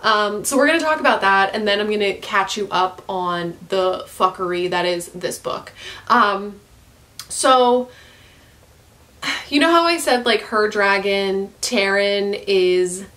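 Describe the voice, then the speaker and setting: A woman's voice: medium pitch, animated, slow, fairly bright tone. A woman reviewing a book in a casual vlog, exasperated and profane, ranting with bursts of laughter at home. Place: at home, dog nearby.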